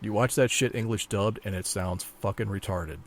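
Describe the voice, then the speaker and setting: A man's voice: fairly low pitch, moderate pace. A man co-hosting a podcast in casual chat, laid-back and profane, often restarting his sentences. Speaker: podcast co-host.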